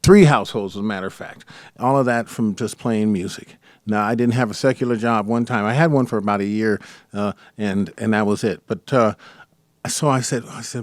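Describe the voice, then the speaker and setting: A middle-aged man hosting a podcast, telling stories from his life in a casual, conversational way and lively when quoting others. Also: on the low side, brisk, no echo, studio quality. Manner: storytelling, animated when quoting his mother. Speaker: podcast host.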